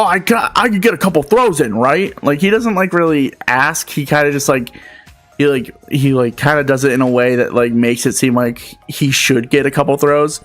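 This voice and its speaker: A man in his twenties telling a story as a rant, animated and profane, with lots of filler words. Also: mid-range voice. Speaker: vlogger.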